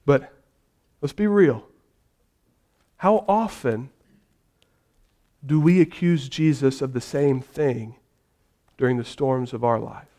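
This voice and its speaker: A male pastor preaching a sermon in an animated way, shifting from hushed, gentle passages to loud, vivid storytelling. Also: medium pitch, takes it slowly, pauses often.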